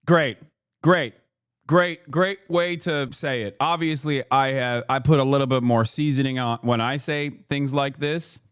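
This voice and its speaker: A man's voice: medium pitch, steady tone, unhurried, clear, resonant tone, no room sound, studio quality. A man hosting a reaction stream, ranting with sarcasm and profanity in casual commentary. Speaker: streamer host.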